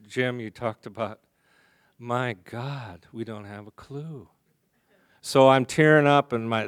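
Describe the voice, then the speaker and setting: A man's voice: medium pitch, clean tone, dry recording. A man speaking at a recovery meeting, telling his story in a humorous, confessional way. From American. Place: conference hall.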